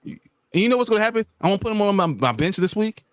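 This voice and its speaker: A man's voice: high voice, animated, rapid-fire, dry recording. A man co-hosting a casual sports podcast, mock-ranting with exaggerated frustration and frequent laughter. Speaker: podcast co-host.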